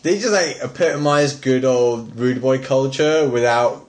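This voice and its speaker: A British man co-hosting a relaxed film podcast, with a voice of ordinary pitch. He talks loosely and laughs a lot. He often slips into put-on voices to quote favourite comedy lines. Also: a little slow. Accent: British English. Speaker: podcast co-host. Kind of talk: casual film podcast chat.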